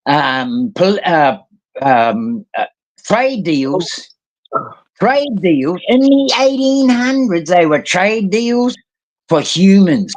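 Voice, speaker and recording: A man with a mixed New Zealand and Australian accent, talking heatedly in a casual voice chat, swearing often and trailing off into fillers. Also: high-pitched. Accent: New Zealand and Australian mix. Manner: heated, rambling, swears a lot, many fillers. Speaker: guest in a live voice chat.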